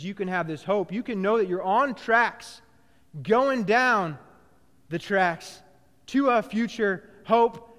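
A male pastor preaches with a high voice that rings through a hall with long reverb. He swings from loud, excited bursts to hushed, low, slowed phrases. He repeats and restarts his words often as he builds each point. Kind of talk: sermon.

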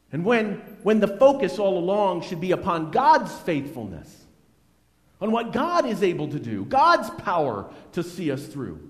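Male pastor, fairly high voice, animated delivery, preaching in a reverberant hall. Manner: earnest, conversational preaching with lively swings in loudness. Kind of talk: sermon.

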